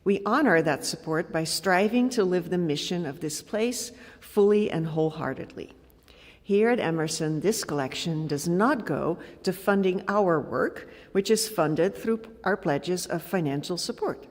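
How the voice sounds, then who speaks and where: Woman, lay leader, formal earnest reading, lowish voice, long hall reverb. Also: animated, measured pace. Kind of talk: read offertory announcement. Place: church sanctuary.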